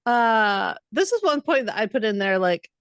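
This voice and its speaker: A woman's voice: on the high side, sing-song, normal speed, smooth, no room sound. A woman co-hosting a book podcast, talking in a chatty, rambling way with plenty of asides. She hesitates often as she recaps the story. The recording is dry and close. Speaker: podcast co-host. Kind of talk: casual book recap chat.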